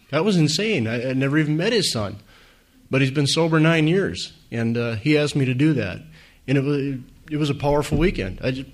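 A man, giving an earnest, conversational personal testimony to a meeting audience, with many fillers. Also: medium pitch. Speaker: speaker at a recovery meeting.

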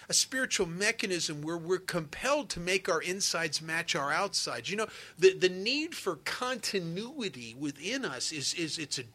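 A man with a fairly high pitch and sharp tone speaks at a recovery meeting, telling a personal story earnestly and conversationally. He acts out the quoted dialogue as he goes.

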